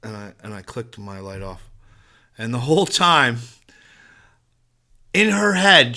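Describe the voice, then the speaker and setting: A man's voice: mid-range voice, sing-song, takes it slowly, long pauses, sharp tone. A man hosting a podcast, telling a rambling, profane story in casual conversation. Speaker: podcast host.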